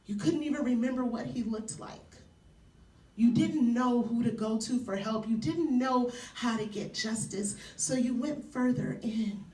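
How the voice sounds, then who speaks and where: A woman performs spoken word live for an audience in a university hall, tender and playful and often laughing. Her voice is a little high and slightly mellow, at a measured pace. The hall is echoey and the mic sits far off.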